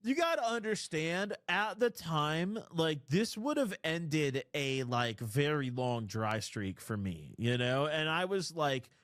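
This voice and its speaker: A man in his twenties hosting a call-in stream, telling a crude story in a rambling, animated way. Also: fairly high pitch, takes it slowly, hardly any pauses, no room sound. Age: 20s. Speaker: call-in show host. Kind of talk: casual storytelling.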